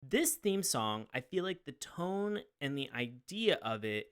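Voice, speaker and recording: A man co-hosting a casual podcast, thinking out loud with many fillers and asking the others questions. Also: fairly high pitch, big pitch swings, a little slow, smooth. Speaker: podcast co-host.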